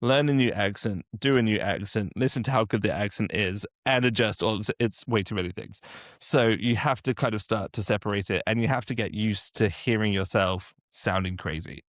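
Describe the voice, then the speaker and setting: Low-voiced man coaching accents. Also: normal speed, dry recording, clean studio sound. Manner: practical, encouraging, explains step by step. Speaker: dialect coach. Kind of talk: podcast interview answers.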